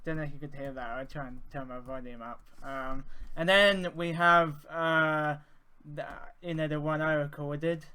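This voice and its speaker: A man's voice: on the high side, steady tone, moderate pace, sharp tone, clean tone. A man teaching audio effects in an informal, hesitant way, with many fillers. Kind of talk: screen-share software tutorial.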